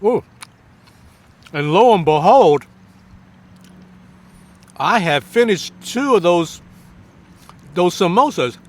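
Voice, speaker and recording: A man giving a casual food review to camera, effusive and full of drawn-out exclamations, with halting restarts between bites. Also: high-pitched, expressive, darkish tone. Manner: effusive, many drawn-out exclamations while tasting. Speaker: food vlogger.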